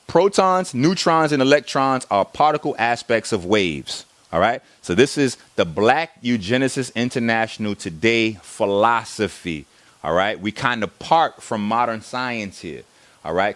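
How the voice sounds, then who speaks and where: A man with a low voice delivers a lecture, leaning on his points and stopping to check in with the room. The sound is dry and close, with almost no room echo. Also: fairly bright tone. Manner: emphatic, keeps checking in with the listeners. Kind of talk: lecture to an audience.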